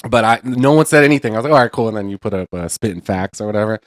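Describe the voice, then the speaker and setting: A man's voice: lowish voice, animated, dry recording, clean studio sound. A man co-hosting a podcast, chatting loosely with lots of fillers and slang. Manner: quick, loose chat full of fillers and "dude". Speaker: podcast co-host. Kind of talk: casual chat.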